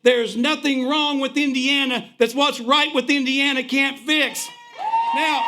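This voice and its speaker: A man's voice: very high-pitched, fairly even intonation, unhurried, over music. Folksy Kentucky-accented man rallying a crowd. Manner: folksy, punchy, repeats "folks" and "let me say this". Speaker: rally speaker introducing the guest. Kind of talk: rousing political rally speech. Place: outdoor park rally.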